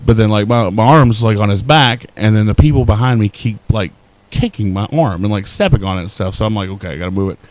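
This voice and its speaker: Rambling, low-voiced man telling a story. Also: fast talker, darkish tone. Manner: rambling, profane, self-deprecating storytelling. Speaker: podcast co-host. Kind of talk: casual storytelling chat.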